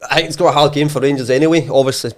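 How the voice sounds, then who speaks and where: A man's voice: fairly high pitch, fairly even intonation, very fast. A man hosting a casual podcast chat, asking questions and talking with lots of fillers. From Scotland. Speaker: podcast host.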